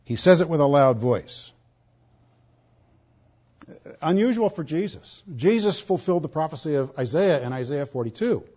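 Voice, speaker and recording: A pastor preaching an expository sermon, stressing points loudly and then dropping to quiet asides. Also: male voice, fairly high pitch, expressive, normal speed, pauses often, highs cut off. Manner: emphatic, swinging between loud stresses and quiet asides.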